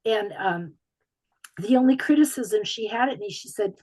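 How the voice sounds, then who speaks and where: A woman's voice: mid-range voice, lively intonation, moderate pace, a little mellow, rough recording. A woman from Michigan's Upper Peninsula with its accent, an author telling stories in a video call Q&A, chatty with frequent ums. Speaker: author guest. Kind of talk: casual talk in a video call Q&A.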